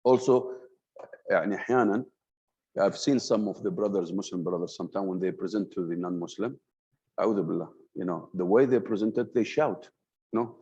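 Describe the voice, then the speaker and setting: Animated man lecturing, husky. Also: low-pitched, fast. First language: Arabic. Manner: animated, swings his voice up and down on purpose; slips Arabic words into his English. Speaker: trainer in communication skills. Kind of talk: lecturing a class. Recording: dull lo-fi sound.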